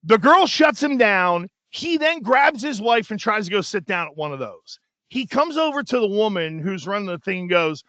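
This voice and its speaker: A man's voice: high voice, sing-song, moderate pace, pushed and bright, no room sound, muffled recording. A man co-hosting a sports talk show, telling a profane, worked-up story and acting out what people said. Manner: profane, worked-up anecdote with acted-out quotes. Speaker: radio show host. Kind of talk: animated storytelling, casual chat.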